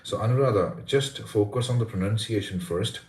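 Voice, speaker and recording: A man's voice: lowish voice, normal speed, darkish tone. A man who teaches pronunciation, explaining earnestly during a live question-and-answer lesson. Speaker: pronunciation teacher and content creator. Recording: roomy echo.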